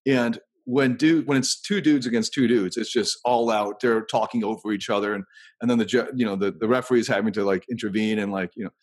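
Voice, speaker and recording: A man's voice: on the low side, fairly even intonation, fairly quick. A man hosting a casual podcast conversation, rambling and thinking aloud as he tells anecdotes.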